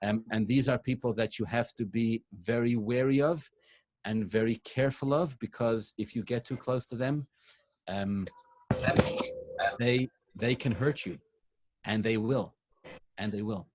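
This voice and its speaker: A man's voice: mid-range voice, unhurried, long pauses, a little mellow, a little hiss or hum. A man speaking as a rabbi to a congregation in a synagogue, answering a question in a conversational way with frequent restarts. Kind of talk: sermon-style Q&A to a congregation.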